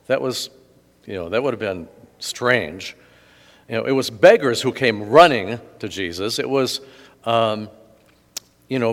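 A male pastor preaching a sermon in a church, telling stories conversationally with asides and animated emphasis. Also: mid-range voice. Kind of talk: sermon with gospel reading. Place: church sanctuary. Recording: long reverb of a large hall.

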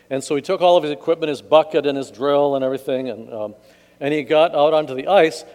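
A man's voice: on the high side, darkish tone. A male pastor reading scripture and preaching a conversational sermon with jokes in a church sanctuary. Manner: conversational, joking. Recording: long church reverb.

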